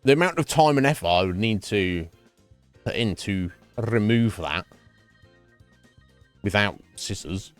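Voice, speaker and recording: A man's voice: fairly low pitch, expressive, measured pace, pauses often, clear, resonant tone, faint music behind. A man chatting casually on a gaming stream at home, rambling and swearing freely. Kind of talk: casual chat while gaming.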